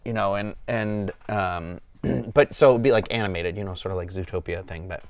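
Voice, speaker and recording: A man's voice: low voice, fairly quick, smooth, no echo. A man in his thirties hosting a casual chat with a friend, rambling with lots of fillers and quoted asides. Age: 30s. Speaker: channel host.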